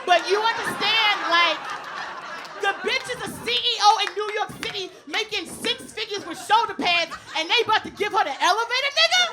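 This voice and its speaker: A brash, high-pitched woman tears through a profane stand-up bit with animated storytelling. She works a handheld mic on a club stage. Laughter and crowd noise roll in clearly around her. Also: normal speed. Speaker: stand-up comedian. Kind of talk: stand-up comedy routine. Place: comedy club stage with live audience.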